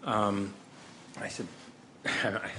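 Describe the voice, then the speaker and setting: A man's voice: on the low side, extremely slow. A man telling a funny anecdote on stage to a convention crowd, stammering and acting out the people he quotes. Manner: animated storyteller, stammers and acts out quotes. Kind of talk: live storytelling to a convention crowd. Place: large convention hall with a live audience. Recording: crowd and noise in a big hall. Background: crowd laughter and ambient noise.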